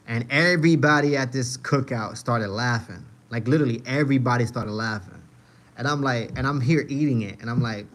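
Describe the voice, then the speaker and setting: A man's voice: mid-range voice, a little fast, fairly bright tone. A young man hosting a livestream, telling loose, profane stories and answering chat in a casual, slangy way. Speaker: livestream host.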